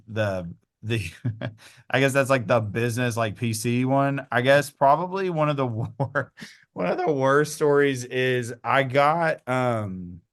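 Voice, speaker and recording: A young man tells an animated story in a relaxed interview. His voice sounds smooth and clear, and he slips into the voices of the people he quotes and laughs as he talks. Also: medium pitch. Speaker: real estate agent and coach, podcast guest.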